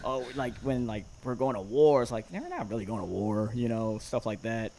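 A man's voice: mid-range voice, normal speed, darkish tone, a little hiss or hum. A man chatting casually as a podcast guest, telling rambling stories with many fillers and laughs. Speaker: guest, former reality competition contestant.

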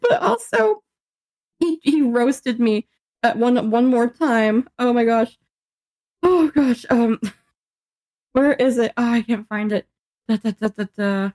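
A woman's voice: on the high side, slow pace, long pauses, mellow. Laughing, swearing young woman telling a story. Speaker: podcast co-host. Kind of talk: casual chat.

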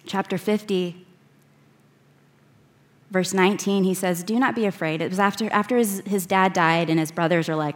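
A woman preaching, reading scripture verses aloud and slowing down to stress key words. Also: medium pitch, fairly even intonation. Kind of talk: sermon.

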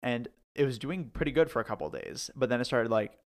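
A young man and podcast co-host telling animated stories, full of "like", into a podcast microphone. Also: mid-range voice, fast talker. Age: young adult. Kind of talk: casual storytelling.

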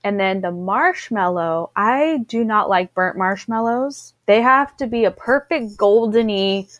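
A woman's voice: medium pitch, lively intonation, unhurried, no room sound. A woman co-hosting a casual chat, bubbly and chatty, laughing often. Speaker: podcast co-host.

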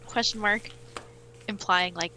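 A woman's voice: mid-range voice, steady tone, measured pace, bright, forceful tone, slight background noise, rough recording. A woman as a player in a tabletop role-play, talking hesitantly with fillers.

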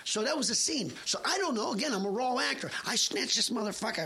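A man's voice: high voice, expressive, fast talker, few pauses, pushed and bright, a little hiss or hum. A middle-aged man telling a comedic story with lots of swearing, acting out the other people's voices as he goes. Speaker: guest actor telling a story.

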